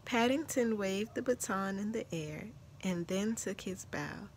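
A woman reading a children's story aloud in a gentle, measured storytelling manner. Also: mid-range voice, a little hiss or hum. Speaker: storybook narrator.

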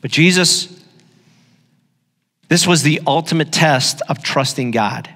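A man's voice: fairly high pitch, slow, fairly bright tone. Middle-aged male pastor, storytelling sermon with emphatic repetition, reverberant church hall.

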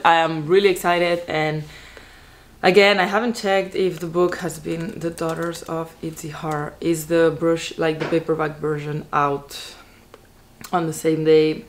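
A woman vlogger chatting casually about books to a camera at home, excitable and full of "like" fillers. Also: low-pitched, slight background noise. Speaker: book vlogger. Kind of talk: casual book chat to camera.

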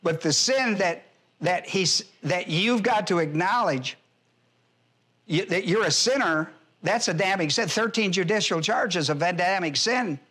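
Pastor, man, higher-pitched, teaching verse by verse with heavy emphasis and repetition. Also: expressive, a little slow, sharp tone. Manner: emphatic, repeats key phrases, spells out Greek words. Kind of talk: expository Bible teaching.

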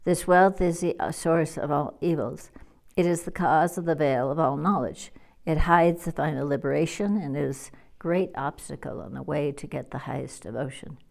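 Humbled king of gods, pleading read by a woman; low, warm voice, earnest pacing. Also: vocal fry. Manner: earnest, measured reading. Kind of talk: scripture reading.

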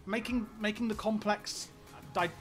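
A high-pitched man talks casually to his live-stream viewers while he plays. He rambles and stammers, repeating words as he gets excited. Faint music plays underneath. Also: unhurried.

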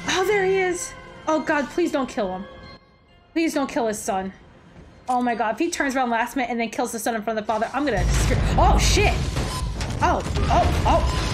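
Excitable high-voiced woman cheering at a movie. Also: moderate pace. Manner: excitable, loud cheering and cursing at the screen. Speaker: movie reaction host. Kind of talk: casual movie reaction commentary. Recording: film soundtrack playing loudly underneath. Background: movie audio and music.

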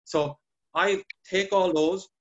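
A man chatting on a podcast, telling patient stories with lively acted-out dialogue. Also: sits high, slow pace, dull audio. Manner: animated storytelling, acts out patient dialogue. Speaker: podcast guest clinician. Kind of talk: casual podcast chat.

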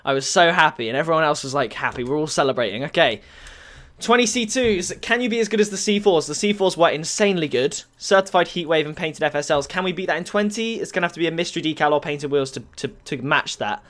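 Excitable young man gaming. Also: on the high side, fast talker. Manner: excitable, bursts into shouts and laughs. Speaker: gaming YouTuber. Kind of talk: excited game-opening commentary.

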